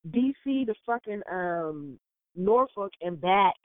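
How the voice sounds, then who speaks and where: A woman telling stories in a casual chat, animated and full of laughter, acting out what people said. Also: mid-range voice, takes it slowly, no echo. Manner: animated storyteller, big laughs, acts out quotes. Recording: tinny phone-like line, dry.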